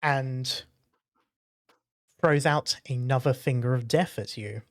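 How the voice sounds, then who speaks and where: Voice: medium pitch, slow pace. A game master narrating a tabletop game, describing the action with frequent hesitations.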